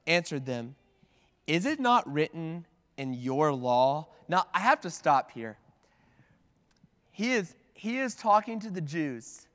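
Long church-hall reverb surrounds a man preaching from the pulpit of a sanctuary, speaking conversationally with frequent "like"s and false starts. His voice is a little high and a bit bright.

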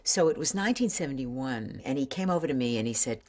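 An older woman with a strikingly low, husky voice tells her memories in a documentary interview. Her pitch rises and falls a lot as she acts out old conversations, and she laughs easily between them. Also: lively intonation, quick pace, hardly any pauses, a little mellow, no room sound. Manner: storytelling, laughing, acting out quotes. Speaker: interviewee recalling a friend.

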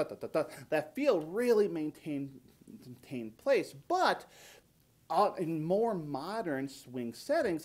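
A man's voice: medium pitch, darkish tone. A man teaching a jazz practice tip, explaining rhythm and scatting and counting beats aloud. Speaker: trombone teacher. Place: music shop.

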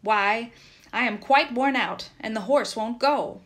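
A woman voicing a weary, dogged peasant workman who calls out loudly and urges his companions on in a storybook reading. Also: on the high side, a little slow. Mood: urgent, weary. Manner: calling out loudly, urging.

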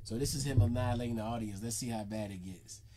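A man's voice: mid-range voice, fast, over a noisy crowd. A man casually hosting a comedy reaction video, loose and slangy.

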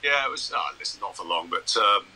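A man's voice: lowish voice, expressive, a little fast, pushed and bright, slight background noise, poor audio. A man in his sixties, a broadcaster and journalist, chatting anecdotally over a video call. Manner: chatty, anecdotal, self-deprecating. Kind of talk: casual interview chat.

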